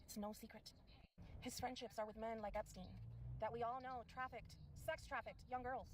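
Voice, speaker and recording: Middle-aged woman, measured and indignant. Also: a little high, fairly even intonation, noisy background. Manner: measured, indignant, listing points. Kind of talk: prepared commentary to camera.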